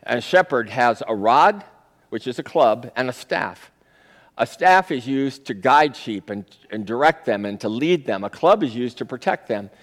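A man preaching a sermon in a conversational storytelling style that swells into forceful peaks. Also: mid-range voice, lively intonation, normal speed. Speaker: pastor. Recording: long reverb of a large hall.

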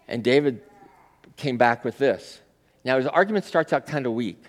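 A man preaching a sermon in a conversational storytelling style that swells into forceful peaks. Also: medium pitch, expressive, moderate pace. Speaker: pastor. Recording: long reverb of a large hall.

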